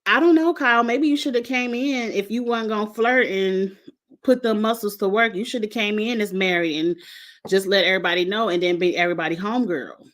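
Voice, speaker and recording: A woman's voice: medium pitch, a little fast, fairly bright tone. Chatty woman giving frank opinions. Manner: chatty and frank, talks straight to the contestants. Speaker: reality show reviewer, host. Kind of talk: casual opinionated recap.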